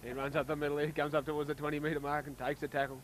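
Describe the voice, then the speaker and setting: A man's voice: a little high, very fast, a crowd in the background, low-quality recording. Chatty Australian man commentating footy. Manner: casual and chatty, excitable on tries. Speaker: rugby league commentator. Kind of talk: local match commentary.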